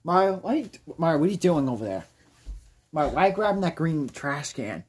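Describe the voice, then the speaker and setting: A woman voicing an irritable dad who yells and throws insults, in an amateur comedy video. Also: low voice, sing-song, brisk, breathy edge, exaggerated voice. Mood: scolding. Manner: short-tempered, yelling insults. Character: irritable, shouting dad of a kid.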